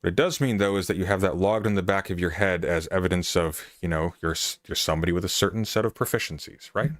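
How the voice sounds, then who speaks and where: A man talking calmly and firmly, measured and lecturing as he steers a call. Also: deep voice, dry recording, studio quality. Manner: calm, measured, firm and lecturing. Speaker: interviewer.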